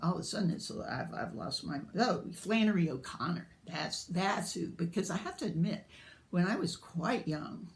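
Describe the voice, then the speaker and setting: A woman's voice: lowish voice, sing-song, normal speed, creaky. An older American woman with a light Southern drawl, chatting casually and rambling from topic to topic in a book vlog. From United States. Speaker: booktuber.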